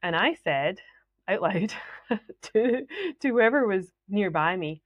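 A woman's voice: on the low side, lively intonation, slow pace, no echo. A woman with a Scottish accent hosting a solo podcast, telling stories in a chatty way and often laughing. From Scotland. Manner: chatty, laughs often, acts out quoted voices. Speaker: podcast host.

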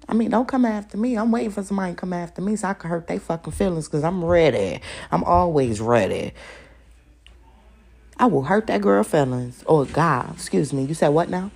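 A woman's voice: medium pitch, vocal fry, darkish tone, slightly rough. A young adult woman hosting a solo podcast, ranting in a profane, confrontational way and repeating lines for emphasis. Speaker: podcast host.

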